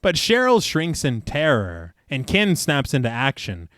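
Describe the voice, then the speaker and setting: A man's voice: mid-range voice, huge pitch swings, a little slow, fairly bright tone, no room sound, clean studio sound. A man co-hosting a horror podcast, reading the plot recap aloud and breaking off to laugh and joke. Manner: laughs often, reads the synopsis then jokes. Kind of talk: casual horror film discussion with scripted recap.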